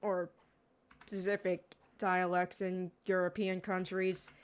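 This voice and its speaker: A woman's voice: fairly low pitch, flat delivery, slow pace, clear, resonant tone. A woman giving casual gameplay commentary, rambling with sarcastic asides. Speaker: gaming streamer.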